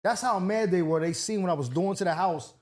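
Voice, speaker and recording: A man's voice: high-pitched, a little fast, darkish tone. A male comedian and show regular telling a story in casual podcast chat, acting out other people's lines.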